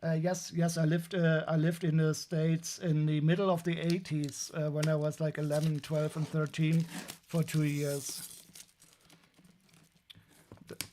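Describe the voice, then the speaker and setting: A man's voice: fairly high pitch, level tone, a little slow, mellow, a little hiss or hum. A man with a German accent chatting casually on a live stream while unboxing toys, wry and rambling with frequent restarts.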